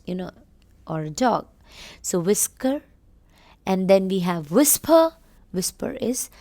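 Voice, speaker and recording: An Indian woman teaching a read-along English lesson in a slow, patient way. She repeats each word several times for children to copy, then explains what it means. Her voice sits at a middle pitch.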